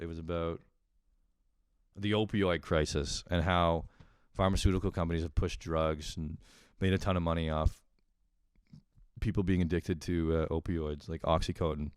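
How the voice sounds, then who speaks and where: A young man with a low, smooth voice talks through a loose, profane podcast monologue. He rambles, pokes fun at himself and laughs often. The sound is close and dry. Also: no echo. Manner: rambling, profane, self-deprecating, with frequent laughs. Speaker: podcast host. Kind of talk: casual solo podcast monologue.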